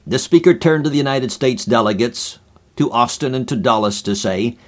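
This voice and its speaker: A male radio preacher tells a story in a steady, measured voice. His pitch sits in the middle, and his delivery stays even throughout. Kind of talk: old-time radio sermon storytelling.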